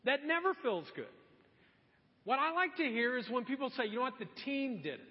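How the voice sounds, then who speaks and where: A man preaching a sermon as pastor, talking to the congregation in a lively, conversational way and acting out quotes. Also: very high voice, a little fast. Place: church sanctuary. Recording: muffled sound with long hall reverb.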